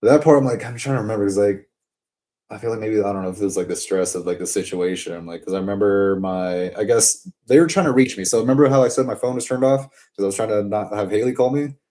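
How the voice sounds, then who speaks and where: A man with a fairly low, mellow voice talks casually to the camera. He rambles and drifts off topic, swearing freely and filling his speech with "like" and "um.". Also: fast talker. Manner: rambling and digressive, profane, with frequent fillers. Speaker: vlogger.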